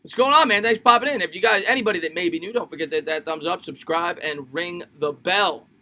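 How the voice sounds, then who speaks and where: A man with a high, bright, forceful voice calls a football game live for his stream. He fires off the action in short bursts, then greets viewers by name and jokes loosely between downs. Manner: rapid play-by-play calls, greets chatters by name; jokey and loose, repeats phrases. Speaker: livestream sports host. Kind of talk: live play-by-play commentary and chat reading.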